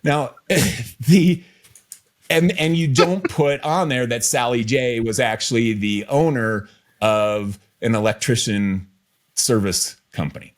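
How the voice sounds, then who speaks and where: A male podcast host with a mid-range voice, talking casually about business strategy. He keeps it relaxed and likes to tease, circling back to repeat his main points. His pitch sits right in the middle for a man. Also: slow. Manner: relaxed, teasing, repeats key phrases.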